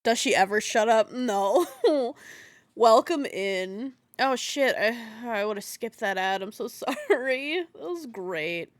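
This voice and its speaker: A tired woman livestreaming a game, crude and giggly, tossing swear-laden jokes to her chat. Her pitch swings widely while she talks at an unhurried pace. The close desk mic sounds dry. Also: animated, no room sound. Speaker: streamer. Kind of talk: casual gaming livestream commentary.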